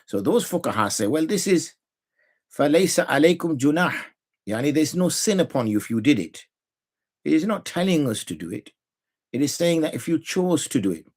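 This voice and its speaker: British guy, middle aged, islamic law lesson from his study, chatty explainer, kinda husky voice. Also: a little high, sing-song, a little fast, a little mellow. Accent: British English. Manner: explanatory, conversational, with Arabic terms and demonstrations of tone. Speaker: Islamic scholar teaching jurisprudence. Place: home study with a library.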